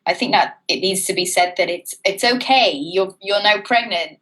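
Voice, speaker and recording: A woman's voice: medium pitch, moderate pace, fairly bright tone, poor audio. A woman with a British accent tinged with Australian, co-hosting a casual podcast in a chatty, self-mocking way. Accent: British with an Australian twang. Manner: chatty, self-mocking, frequent "you know". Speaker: co-host.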